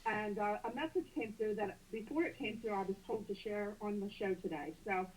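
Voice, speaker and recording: A woman's voice: medium pitch, moderate pace, a little hiss or hum, poor audio. A woman calling in to a radio show, chatty and hesitant, with many fillers. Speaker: caller. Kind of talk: phone call-in.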